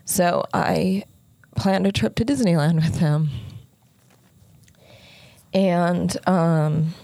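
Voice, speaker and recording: Low, gravelly-voiced woman telling a hard story. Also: warm tone, dry recording. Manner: halting, with many restarts and fillers; earnest, unguarded, close to tears. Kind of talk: emotional personal storytelling.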